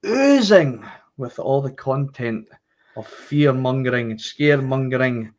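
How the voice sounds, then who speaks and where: A man's voice: mid-range voice, lively intonation, measured pace. A Scottish man hosting a football podcast in a cheeky, joking way, casual chat and ad reads. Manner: cheeky, jokey delivery. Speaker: podcast host. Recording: slightly dull lo-fi sound.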